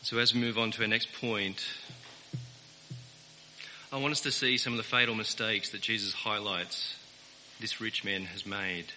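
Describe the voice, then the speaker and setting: A man's voice: lowish voice, fairly even intonation, normal speed, long pauses, pushed and bright. A man preaching a sermon as pastor, earnest and emphatic, repeating key words for weight. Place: church. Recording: reverberant church hall with faint hiss.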